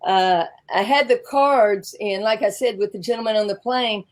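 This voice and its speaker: A woman with a Southern US accent, guest in an interview, talking in a chatty, animated way and often laughing. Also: mid-range voice, normal speed, rough recording. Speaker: interview guest, founder of a personality tool. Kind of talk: casual interview talk.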